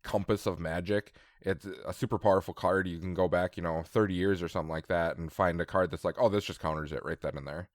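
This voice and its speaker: A man's voice: deep voice, steady tone, fast talker, few pauses, dry recording, clean studio sound. A man co-hosting a casual podcast chat, easygoing and conversational. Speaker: podcast co-host.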